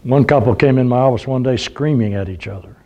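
A man's voice: medium pitch, quick pace, mellow, dull audio. An older man preaching a sermon, telling folksy humorous stories and acting out the voices he quotes.

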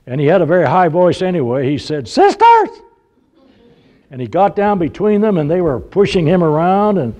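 Older guy preacher, mellow low-key voice, folksy storytelling sermon. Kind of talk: sermon with humorous stories.

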